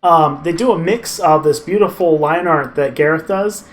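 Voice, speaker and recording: A man's voice: fairly high pitch, moderate pace. A man running a tabletop game as game master, chatting casually and rambling with restarts.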